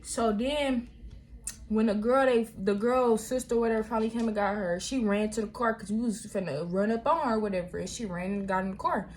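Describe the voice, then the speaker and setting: A young woman, telling viewers a storytime vlog in animated, slangy talk. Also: on the high side, brisk, a little hiss or hum. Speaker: vlogger.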